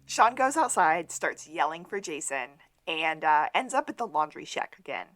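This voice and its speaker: A woman's voice: low voice, sing-song, moderate pace, fairly bright tone, no room sound. A woman co-hosting a podcast, summarizing a TV episode's plot in casual chat with easy fillers. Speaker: podcast co-host.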